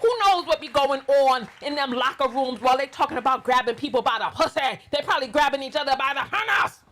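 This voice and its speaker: A woman's voice: high voice, animated, fast talker, fairly bright tone. A middle-aged woman with a New York accent hosting a blunt, sassy reaction commentary monologue. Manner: sassy, blunt, emphatic ranting. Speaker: commentary channel host.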